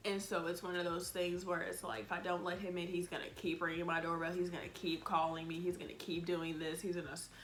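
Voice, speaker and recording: A woman's voice: lowish voice, quick pace, hardly any pauses, a little hiss or hum. A woman telling a storytime vlog in a blunt, exasperated way, cussing freely and acting out what she said back then. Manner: animated, acts out her own lines. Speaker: vlogger.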